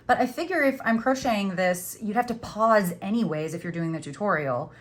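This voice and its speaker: A woman's voice: lowish voice, animated, brisk, hardly any pauses. A middle-aged woman hosting a crochet tutorial, chatting casually and teasing herself while she works. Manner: chatty, self-teasing, says "y'all".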